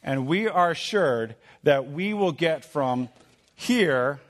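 Conversational male preacher, slightly high voice. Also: lively intonation, slow pace. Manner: conversational, repeats phrases, checks in with "all right?"; teaching with a drawing. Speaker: pastor. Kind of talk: sermon.

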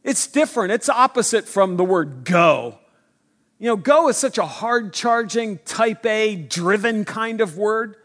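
A man's voice: high-pitched, lively intonation, measured pace, a bit bright. A man preaching a sermon in an earnest, conversational way that builds to emphatic points.

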